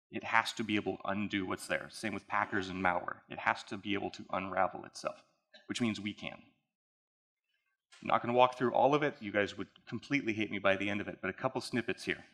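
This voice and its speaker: At a conference hall, a man casually talks an audience through a technical case study as if in conversation. His lowish voice sounds bright with a forceful tone.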